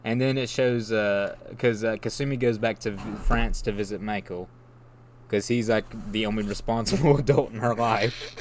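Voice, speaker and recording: A man's voice: fairly low pitch, fairly even intonation, normal speed, a crowd in the background. A man in casual chat, rambling through an enthusiastic plot recap and laughing along. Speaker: podcast co-host.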